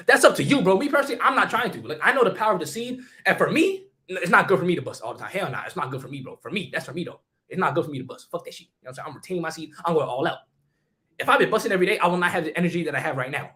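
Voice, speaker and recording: A young man streaming casually, talking fast in heavy slang while answering chat questions. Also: on the high side, sharp tone.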